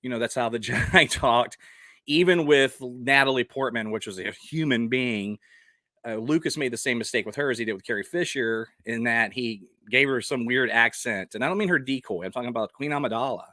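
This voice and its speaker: Blunt, fired-up man with a bright voice. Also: mid-range voice, fairly quick, dry recording, studio quality. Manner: blunt and passionate, with rhetorical questions. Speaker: vlogger. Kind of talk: casual opinion vlog.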